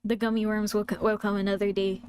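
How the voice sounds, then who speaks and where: A woman's voice: mid-range voice, little pitch movement, fast talker, a little mellow, a little hiss or hum. A woman streamer chatting casually with her viewers, giggly and self-deprecating. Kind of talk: casual live-stream chat.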